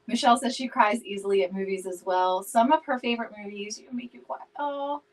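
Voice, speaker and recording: A woman's voice: a little high, a little fast, low-quality recording. A woman chatting casually with viewers during a live craft stream, laughing often and greeting people by name. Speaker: DIY home decor live streamer.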